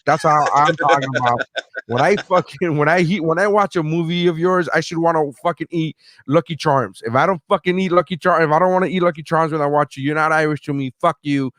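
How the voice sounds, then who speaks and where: A man's voice: a little high, fairly quick, fairly bright tone, no room sound. A man hosting a casual podcast, rambling and joking with heavy swearing. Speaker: podcast host.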